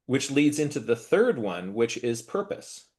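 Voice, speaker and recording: A man with a mid-range, sing-song, slightly mellow voice hosts a casual interview at an unhurried pace. He thinks aloud while summing up ideas, reflective and full of restarts and hedging fillers.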